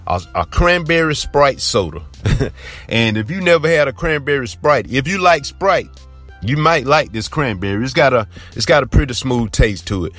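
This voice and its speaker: A man's voice: medium pitch, lively intonation, normal speed, fairly bright tone, soft background music. A man from Georgia with a Southern accent, earnestly telling a personal story in a rambling, repetitive way. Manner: earnest, rambling, repeats himself. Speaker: podcast host. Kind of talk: casual spoken storytelling.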